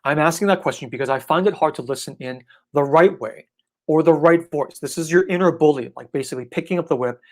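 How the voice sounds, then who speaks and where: A man acting as a spiritual teacher in a casual live online Q&A, relaxed and irreverent, often checking in with "right?". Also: on the high side, quick pace.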